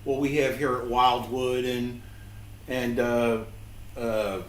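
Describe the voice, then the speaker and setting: A man's voice: mid-range voice, little pitch movement, slow, reverberant, distant mic, low-quality recording. A man co-hosting a casual livestream, trading dry jokes and rambling explanations. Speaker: livestream co-host. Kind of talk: casual chat.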